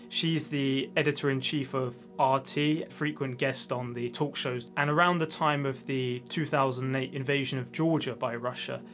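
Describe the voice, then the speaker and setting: A man speaking as a media commentator, giving steady, informative explanations. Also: mid-range voice.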